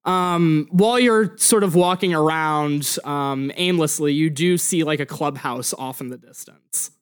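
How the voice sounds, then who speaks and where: Male game master; smooth, slightly high, casual and rambling. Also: unhurried. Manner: casual, rambling, filler-heavy narration. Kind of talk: narrating a tabletop game.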